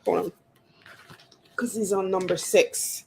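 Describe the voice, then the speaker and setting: A woman's voice: medium pitch, moderate pace, slight background noise. A woman talking as a guest on a video call, stammering and repeating words as she explains her card readings. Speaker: guest, spiritual reader. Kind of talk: casual chat over a video call.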